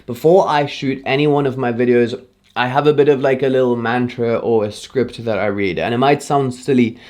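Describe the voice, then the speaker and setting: A man talking straight to camera in a casual tutorial. He sounds relaxed and chatty, and he shifts his speed and emphasis to drive his points home. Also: mid-range voice. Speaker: YouTube creator teaching on-camera presenting.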